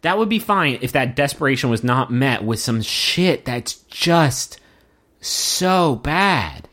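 A man's voice: mid-range voice, animated, moderate pace, a bit bright. Joking, self-mocking male podcast co-host. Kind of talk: casual chat.

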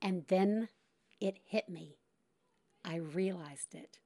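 Slow-talking woman podcast host, laughing. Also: on the low side. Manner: laughs often, animated storytelling. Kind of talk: casual storytelling monologue.

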